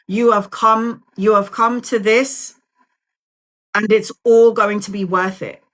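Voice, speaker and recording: A woman's voice: medium pitch, steady tone, slow pace, a bit bright. A woman in her forties giving live tarot readings, soothing and direct, calling listeners sweetheart and honey. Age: 40s. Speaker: tarot reader.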